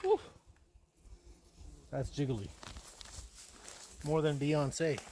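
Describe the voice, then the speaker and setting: A young man chatting casually to the camera while camping outdoors by a marsh, rambling in a relaxed way with quiet offhand asides to himself. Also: a little high, drawn-out words, heavy background noise. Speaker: solo camping vlogger. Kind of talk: casual outdoor vlog commentary.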